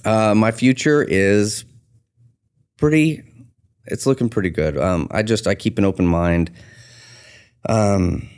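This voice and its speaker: A man's voice: lowish voice, slow pace, pauses often, smooth. A man, a tattoo artist and shop owner, telling an earnest story in a casual podcast interview and acting out the dialogue. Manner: earnest, animated retelling with quoted dialogue.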